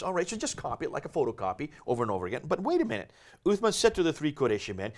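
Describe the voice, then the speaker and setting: A man's voice: a little high, sing-song, very fast. A man hosting a discussion show, reading passages aloud and questioning his guest. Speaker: host.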